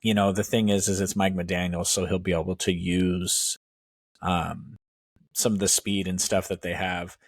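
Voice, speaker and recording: A man with a low voice argues his points bluntly and with conviction. It is casual podcast talk, close to the mic, with a dry sound and no echo. He sometimes rushes through a thought. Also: flat delivery. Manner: blunt, opinionated, sometimes speeds up. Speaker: podcast co-host. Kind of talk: casual sports chat.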